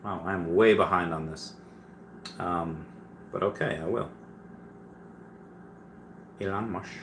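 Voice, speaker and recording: A man's voice: low-pitched, slow pace, fairly bright tone, a little hiss or hum. A man hosting a casual livestream, reading viewer questions aloud and answering them with many fillers and restarts.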